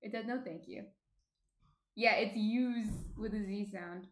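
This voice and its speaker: A woman with a New Jersey accent hosting a casual live cooking stream from home, chatty and quick to laugh as she reads out chat messages. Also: medium pitch, steady tone, fairly bright tone. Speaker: stream host, baker. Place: home apartment. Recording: roomy echo.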